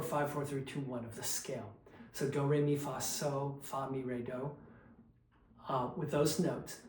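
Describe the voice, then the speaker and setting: Guy walking you through diction drills, calm and clear, a bit high, echoey room. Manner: calm, explanatory, demonstrates drills aloud. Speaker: vocal coach. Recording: roomy echo, faint background noise.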